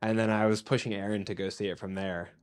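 A man's voice: on the low side, flat delivery, quick pace, clean tone. Enthusiastic young man reviewing films. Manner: enthusiastic, laughs often, many fillers. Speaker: podcast co-host. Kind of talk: casual movie review chat.

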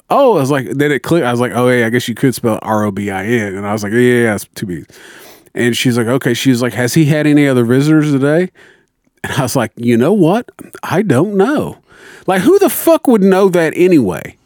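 A man's voice: mid-range voice, brisk, dry recording, studio quality. A man in casual chat, telling a story with lots of swearing and quoted back-and-forth. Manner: profane, animated storytelling with quoted dialogue.

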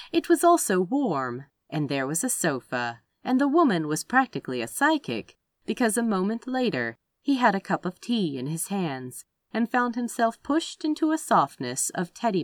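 A woman narrates a story in a somewhat low voice, moving the pitch up and down expressively. The sound is close and dry, with no room around it. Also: dry recording. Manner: expressive, lively reading. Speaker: audiobook reader.

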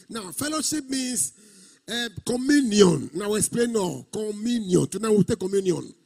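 A man's voice: high-pitched, warm tone, slightly rough. A male pastor delivering a sermon, stretching and half-singing key words and repeating phrases for emphasis. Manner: preaching with sung, drawn-out emphasis and repetition.

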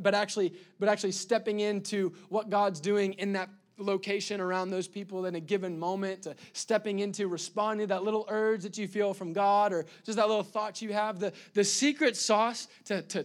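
A man preaching a lively sermon to his congregation, restarting his words often, with sudden loud bursts. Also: high-pitched. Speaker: pastor.

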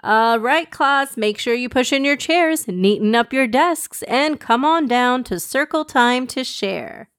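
A woman's voice: sits high, expressive, measured pace, hardly any pauses, a bit bright, no echo, studio quality, voice pushed up, exaggerated voice. Woman doing a perky grade-school teacher. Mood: upbeat. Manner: upbeat, bossy classroom instructions. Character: cheerful female elementary school teacher.

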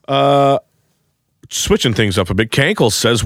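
A man's voice: mid-range voice, very animated, unhurried, fairly bright tone, no echo, studio quality. A man co-hosting a casual sports talk show, reading listener questions and riffing on them playfully.

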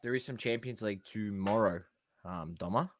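A laid-back man chatting about football, his voice low and unhurried. He pauses often with ums, recorded dry on a close mic. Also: dry recording. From Australia. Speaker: podcast co-host. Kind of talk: casual sports chat.

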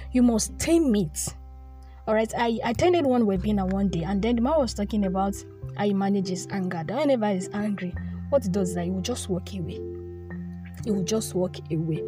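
A woman's voice: a little high, mellow. A young woman giving an earnest devotional talk, often repeating her phrases. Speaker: devotional speaker. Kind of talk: informal devotional teaching.

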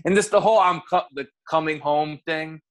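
American guy ranting on a podcast, swears a lot, kinda high voice. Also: fairly quick. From United States. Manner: profane, ranting, animated. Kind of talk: casual chat.

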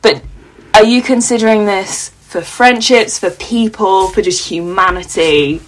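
A woman co-hosting a podcast chats casually and tells jokey stories, laughing often and staying animated. Her voice is medium-pitched and unhurried, though the audio quality is poor.

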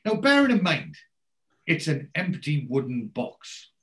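A man's voice: on the high side, very animated, a little slow, fairly bright tone. A man hosting a casual podcast, retelling television scenes in a chatty storytelling way. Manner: chatty storyteller who acts out quoted lines. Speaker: podcast host recapping a TV series.

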